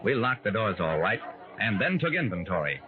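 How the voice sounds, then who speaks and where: A rueful man recounting his own story in an old radio play, his voice rising and falling with lively inflection and dramatic pauses. It sounds thin and phone-like, as from a vintage broadcast. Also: on the low side, crowd noise. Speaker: first-person narrator of a radio play. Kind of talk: 1940s radio acting.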